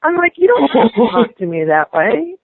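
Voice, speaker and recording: A woman's voice: fairly high pitch, sing-song, normal speed, dry recording. A woman venting angrily on a phone call about a repair, indignant and ranting. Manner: indignant, ranting, escalating to shouting. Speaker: prank call target. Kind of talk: angry phone complaint. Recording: tinny phone line.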